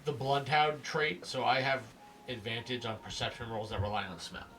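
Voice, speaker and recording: A man's voice: medium pitch, moderate pace, pushed and bright, rough recording. A man playing a tabletop game, matter-of-fact about the rules. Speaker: player. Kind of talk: casual tabletop play.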